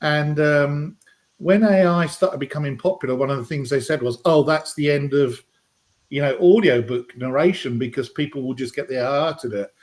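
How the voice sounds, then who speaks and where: British male host, slightly high voice, chatty and rambling, casual livestream. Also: moderate pace. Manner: chatty, rambling, lots of ums and uhs. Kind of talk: casual live-stream chat.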